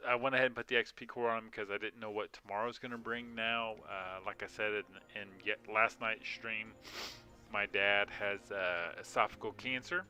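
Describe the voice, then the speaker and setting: A man with a lowish, fairly evenly intoned voice speaks at normal speed with a sharp tone. Playing a mobile game on a stream from home, he chats casually with viewers, rambling, yawning often and leaning on fillers.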